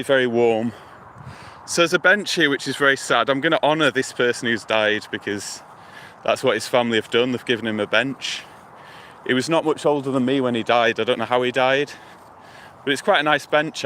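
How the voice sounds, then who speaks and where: Meandering by a lake and river close to a motorway, a UK man livestreams from a phone in hand, narrating his surroundings easily and musing aloud to viewers. His mid-range voice comes across bright and forward, over faint traffic hum.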